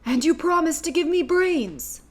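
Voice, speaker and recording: A woman reading a storybook aloud voices an earnest male scarecrow who longs for brains, in a high, plaintive voice. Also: lively intonation, unhurried.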